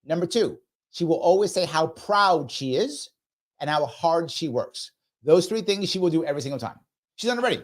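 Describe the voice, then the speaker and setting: A man's voice: a little high, animated, a little fast. A man hosting a live reaction show who comments in an emphatic, sarcastic and mocking way. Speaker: host of a political commentary show.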